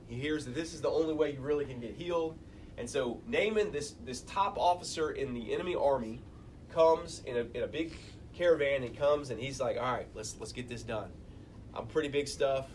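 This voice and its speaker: A man's voice: medium pitch, a little hiss or hum, low-quality recording. A man preaching a sermon as pastor, talking casually and acting out the quoted voices of the people he describes. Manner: conversational, acts out quoted voices.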